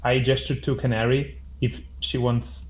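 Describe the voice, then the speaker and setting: A man's voice: mid-range voice, little pitch movement, moderate pace. A man playing a tabletop game casually, playful and laughing. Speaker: player. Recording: dull lo-fi with faint noise.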